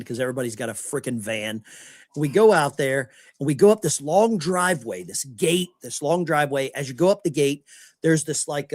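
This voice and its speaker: A man's voice: a little high, no room sound. A middle-aged American man telling anecdotes in casual podcast chat and acting out the people he quotes. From United States. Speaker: podcast host.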